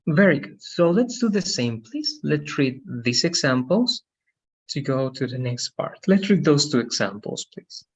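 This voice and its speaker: A man's voice: on the high side, expressive, measured pace, husky, highs cut off. A man teaching an English lesson on a video call, explaining patiently and often checking with "right?". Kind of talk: online language lesson.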